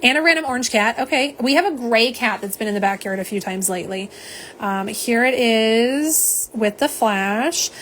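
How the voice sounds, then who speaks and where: A woman's voice: a little high, animated, moderate pace, a bit bright, a little hiss or hum. A woman chatting through a live nail polish swatch stream at home, rambling and reading out viewer comments. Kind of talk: live unboxing chat.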